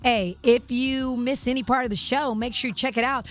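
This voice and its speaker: A woman co-hosting a morning radio show, reading entertainment news in a brisk, clear way. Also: on the high side, steady tone, faint music behind. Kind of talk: news reading and on-air chat.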